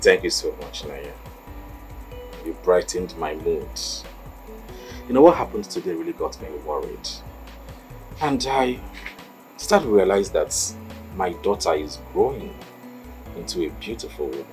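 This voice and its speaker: A man's voice: low-pitched, expressive, a little slow, pauses often, darkish tone, soft background music. An actor playing an anxious father who confides in his maid, in a film. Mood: worried. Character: worried widowed father, middle-aged man. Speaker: employer and father. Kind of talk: film acting.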